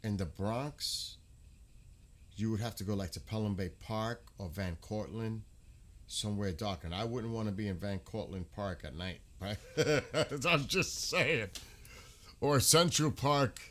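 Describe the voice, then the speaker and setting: Outdoors at night in a dark rural area, a man with a New York accent hosts a casual skywatching livestream, chatting with viewers and answering them by name. His voice sits on the low side and moves at a normal speed.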